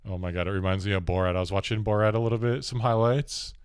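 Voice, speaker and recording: Low-voiced laid-back podcast host. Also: male voice, quick pace, clear, resonant tone, dry recording, studio quality. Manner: rambling, many "like"s, laughs easily. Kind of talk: casual chat.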